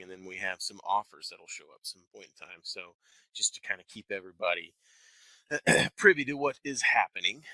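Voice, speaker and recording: A man's voice: lowish voice, sharp tone, no room sound, low-quality recording. A man in his thirties from Texas with a faint Texan twang, hosting a live webinar from an office, talking conversationally and enunciating carefully. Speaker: wealth manager hosting a webinar. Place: office building.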